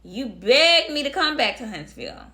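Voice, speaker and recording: A young woman recounts a personal story straight to camera. Her voice is bright and forceful, with a blunt, emphatic delivery that repeats phrases to drive each point home and keeps turning to speak right at her viewers. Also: sits high, very animated, moderate pace. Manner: addresses viewers directly. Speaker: storytime vlogger.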